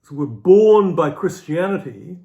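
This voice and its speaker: A middle-aged man delivers an unscripted lecture in a voice pitched a little above the usual. He thinks aloud as he goes, circling back to repeat key phrases for emphasis. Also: lively intonation, moderate pace, warm tone, lo-fi sound. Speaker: philosophy lecturer.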